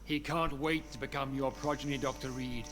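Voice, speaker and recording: An actor playing a composed, formal male vampire mentor in a video game, speaking in measured tones. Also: mid-range voice, fairly even intonation, close to an everyday voice. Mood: calm. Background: loud game music.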